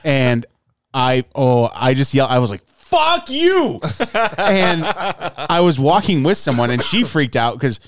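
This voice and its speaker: A man's voice: mid-range voice, normal speed. Laid-back man on a podcast. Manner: laid-back, swears casually, stammers on restarts. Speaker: podcast co-host. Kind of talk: casual chat.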